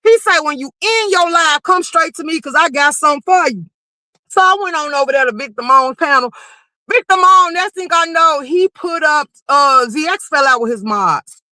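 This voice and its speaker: A livestream commentary host with a high, bright voice rants through a casual story, animated and profane and quick to raise her voice. The recording is dry and the audio quality is poor.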